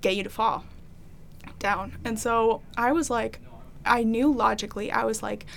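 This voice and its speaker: Young woman, kinda high voice, rambly chatty testimony, lots of like's. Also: steady tone, unhurried, gravelly, slight background noise. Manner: rambling, filler-heavy, acts out her own past thoughts. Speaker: interviewee sharing her faith story. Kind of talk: casual testimony conversation.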